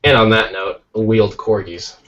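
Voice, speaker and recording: An American man co-hosting a podcast, telling jokey stories in a lively, casual way while tired from little sleep. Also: on the low side, normal speed, dull audio. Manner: animated, jokey storytelling. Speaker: podcast co-host. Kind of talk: casual chat.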